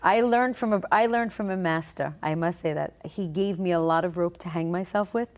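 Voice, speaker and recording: Middle-aged new lady telling stories about her job, lower voice, chatty. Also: brisk, darkish tone. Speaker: talent manager. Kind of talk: conversational interview.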